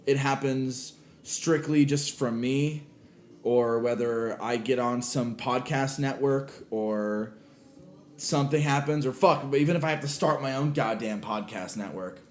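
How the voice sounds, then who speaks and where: A man's voice: mid-range voice, a little mellow. A man hosting his own podcast alone, talking in a rambling, emotional way with swearing and many restarts. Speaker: podcast host. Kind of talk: casual solo podcast monologue. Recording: roomy echo with faint music.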